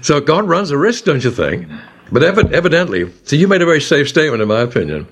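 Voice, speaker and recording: Husky man leading a Bible discussion. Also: fairly high pitch, quick pace. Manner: animated storytelling, acts out quoted voices. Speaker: author and discussion leader.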